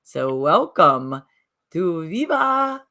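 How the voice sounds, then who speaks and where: A woman's voice: lowish voice, big pitch swings, very slow, sharp tone. A woman co-hosting a casual morning chat show, talking in a chatty, rambling, upbeat way. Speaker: co-host. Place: Southern Connecticut.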